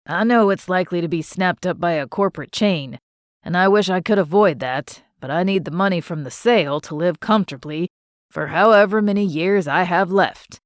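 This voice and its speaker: Audiobook: woman reads kindly grieving old man of about eighty, slow, lowered voice, dry booth. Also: no echo, natural voice. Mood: wistful. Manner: slow, wistful, fond teasing.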